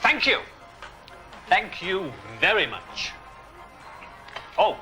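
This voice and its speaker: An English comedian in a mockumentary scene, polite but indignant and prone to stammering. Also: male voice, high voice, big pitch swings, unhurried, over music.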